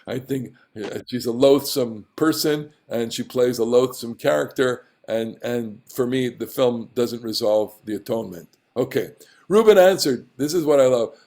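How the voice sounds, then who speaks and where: A man's voice: mid-range voice, moderate pace, a little mellow. A man teaching a Bible class, passionate and opinionated. He often stumbles over his words and restarts.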